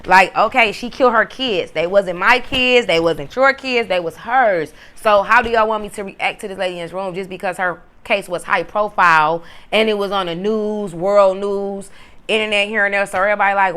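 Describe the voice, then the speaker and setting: A woman who was once in prison, telling her story in a blunt, profane, animated way. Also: mid-range voice, moderate pace, smooth. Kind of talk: casual storytelling to camera.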